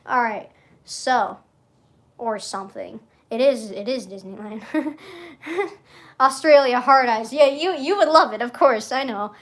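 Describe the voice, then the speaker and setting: A young woman with a high, light voice chats to her stream viewers in a loose, rambling way. She trails off, cuts herself short and giggles between thoughts. It sounds unscripted and conversational. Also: unhurried. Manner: rambling, self-interrupting, giggly. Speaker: livestreamer. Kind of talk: casual stream chat.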